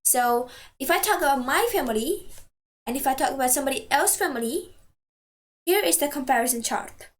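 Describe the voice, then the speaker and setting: A woman teaching a language lesson, patiently saying each word twice and slowly for practice. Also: high voice, animated.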